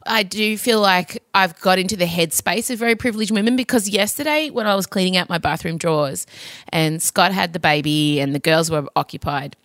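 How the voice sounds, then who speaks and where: A woman, hosting a podcast in lively casual chat, laughing and swearing freely. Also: lowish voice, fairly quick, dry recording, studio quality. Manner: animated, swearing, lots of laughter. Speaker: podcast host.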